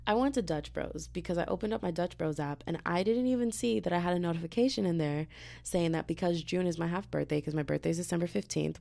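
A woman in her early twenties hosting a podcast, ranting casually and rambling, tired but wired, often jumping into high-pitched voices to quote people. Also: creaky, mellow, no room sound. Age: 20s. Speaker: podcast host.

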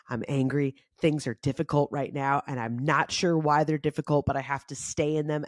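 A woman hosting a casual spiritual self-help podcast, talking frankly with lots of "like" fillers and expressive jumps in pitch. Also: moderate pace, few pauses, no echo, studio quality. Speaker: podcast host.

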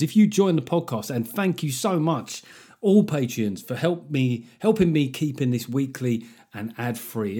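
A British man with a mid-range, darkish voice hosts a podcast in a casual comedic monologue. He speaks sardonically with a chatty flow, swearing freely, in a British English accent.

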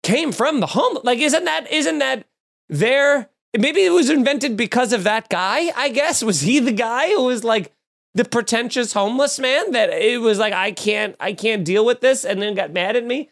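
A man's voice: very high voice, lively intonation, normal speed, creaky, a bit bright. A man chatting on his comedy podcast. He rambles through stories and pokes fun at himself with a loose, offhand delivery. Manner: rambling, self-mocking storyteller. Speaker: podcast host.

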